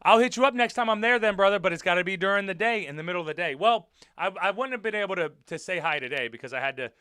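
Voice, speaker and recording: A man's voice: high voice, expressive, very fast, bright, forceful tone, smooth, dry recording, clean studio sound. A man who wrestles, hosting a casual livestream and chatting with viewers in a rambling, profane, jokey way. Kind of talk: casual livestream chat reading comments.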